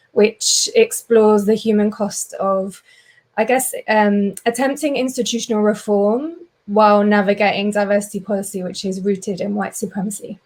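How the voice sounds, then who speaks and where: Measured woman speaking from her study. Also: medium pitch, darkish tone. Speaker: researcher and panelist. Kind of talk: self-introduction. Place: home study. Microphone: video call.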